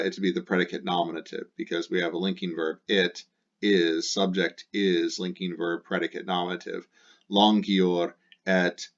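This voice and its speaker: A man teaching Latin, working methodically through exercise sentences step by step, with frequent fillers. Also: sits low. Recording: dull lo-fi recording.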